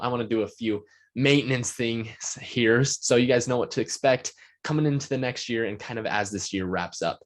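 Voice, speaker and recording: Guy hosting his own podcast solo, kinda low voice, super eager, rambles with lots of "like" and "just". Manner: eager, rambling, heavy on filler words. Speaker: podcast host.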